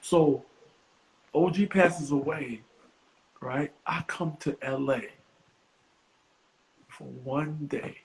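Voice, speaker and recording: A middle-aged man, a comedian guest on a podcast, telling a story in an animated, profane way and acting out other people's voices. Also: on the high side, very slow, long pauses, poor audio.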